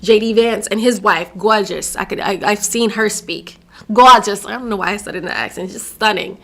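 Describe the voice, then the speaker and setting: A young adult woman from Virginia hosts her own podcast and talks straight to her listeners. Her commentary is sassy, emphatic and full of opinion, and her voice sits at a middling pitch. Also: a little fast, fairly bright tone. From Virginia, USA. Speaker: podcast host.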